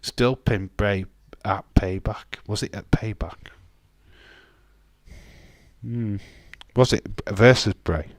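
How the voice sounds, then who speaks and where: A man's voice: fairly low pitch, steady tone, slow pace, pauses often, dry recording. A man, casually chatting on a live stream and bantering with chat comments, swearing now and then.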